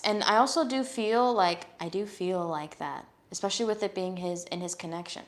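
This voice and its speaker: A woman giving a live tarot reading, talking in a casual, blunt way and swearing freely. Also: medium pitch. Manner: reads card messages aloud in a steady voice. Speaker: tarot reader.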